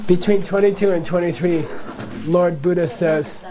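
Speaking to a live audience about Buddhism, a man with a high, dark-toned voice keeps his intonation fairly even and his speed normal. His talk is playful, full of repetition, small acted-out exchanges and frequent laughter.

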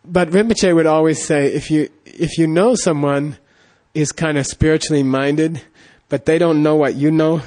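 A man's voice: a little high, fairly even intonation, normal speed, few pauses, a little mellow. A middle-aged man giving a casual Buddhist teaching, rambling through anecdotes with constant "you know" and "okay?" check-ins. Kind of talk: casual dharma talk with anecdotes.

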